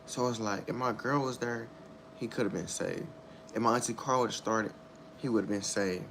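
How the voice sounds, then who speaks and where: A young man with a low-pitched voice speaks candidly about a personal loss. His telling is halting and subdued, looping back over the same phrases. A faint hiss sits under the voice. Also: a bit bright. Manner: halting, repetitive, subdued storytelling. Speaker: storyteller sharing a personal loss.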